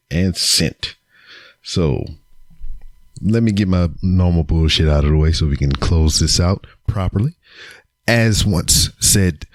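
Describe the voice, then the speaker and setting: With a deep voice, a man speaks casually to camera in his own solo podcast segment, swearing through a playful roast. The recording, made on a camera mic in his home setup, is dry and studio quality.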